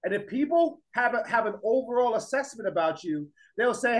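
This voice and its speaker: Emphatic male teacher with a high voice, lecturing and pressing the class with questions. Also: expressive, brisk, hardly any pauses, low-quality recording. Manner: emphatic, repeats points, fires rhetorical questions at the class.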